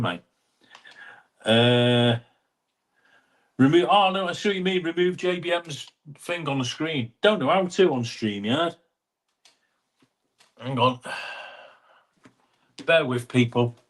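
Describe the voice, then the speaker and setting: A man's voice: mid-range voice, a bit bright. A man hosting a casual live chat, reading out viewer comments and calling people mate. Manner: chatty, calls viewers mate, quick asides. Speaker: livestream host. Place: home room. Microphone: wireless clip-on mic.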